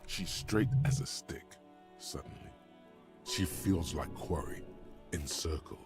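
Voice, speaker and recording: An actor voicing a grave male narrator in a video game, with slow, measured, deliberate delivery. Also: sits low, lively intonation, music in the background, full character voice. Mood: ominous. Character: grave male narrator voice of a detective's inner senses.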